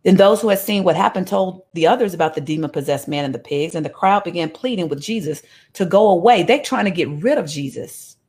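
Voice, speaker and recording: A woman preaching a sermon, reading scripture and retelling it in a lively, joking, casual way. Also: on the low side, a little fast, hardly any pauses, husky. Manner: animated storytelling, jokes and voices, casual asides.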